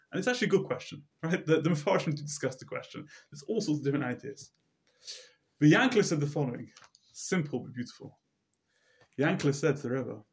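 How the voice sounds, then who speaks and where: Male Torah teacher, middle-range voice, animated storyteller, stumbles and repeats himself. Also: medium pitch, fast talker. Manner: repeats words, many fillers, animated storyteller. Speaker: religious teacher.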